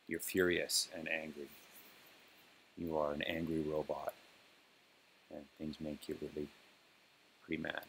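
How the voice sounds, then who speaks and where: A man casually walking through a software demo and speaking commands to an on-screen robot, with plenty of ums and uhs. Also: very deep voice, moderate pace, creaky, long pauses, a little hiss or hum. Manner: relaxed, filler-heavy, talks plainly to a robot program. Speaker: developer demonstrating software.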